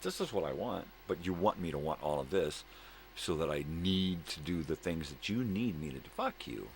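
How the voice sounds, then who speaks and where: A man's voice: deep voice, lively intonation, moderate pace, slight background noise. A man hosting his own daily video show, ranting in a profane, angry monologue. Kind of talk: casual monologue.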